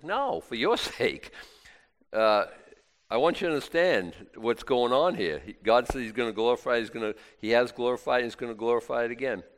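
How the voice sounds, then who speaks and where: A man preaching a sermon in a conversational way, swinging from loud exclamations to quiet asides and often restarting his words. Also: medium pitch.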